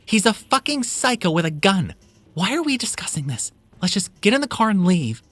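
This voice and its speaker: Brief: panicked young woman, shrill and urgent, horror audiobook, played by a male narrator. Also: big pitch swings, moderate pace, a bit bright, no room sound, heavily acted.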